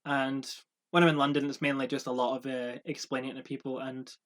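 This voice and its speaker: A man's voice: medium pitch, level tone, brisk, a bit bright. A man from Scotland with a light Scottish accent, chatting as a podcast co-host in a reflective way, often stopping and restarting his thoughts. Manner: reflective, talks in bursts with restarts. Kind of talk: casual chat.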